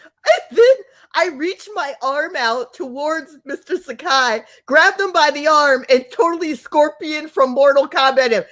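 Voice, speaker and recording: A young woman co-hosting a podcast, telling a story in an animated, giggly way and acting out the quotes. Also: sits high, a little slow. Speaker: podcast co-host. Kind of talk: casual storytelling.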